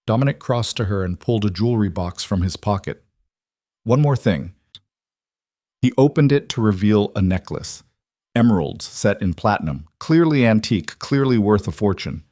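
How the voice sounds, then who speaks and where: A man reads scripted story narration in a calm, even manner. His voice is somewhat low, and the recording is close and dry with no room sound. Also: a little fast, no echo.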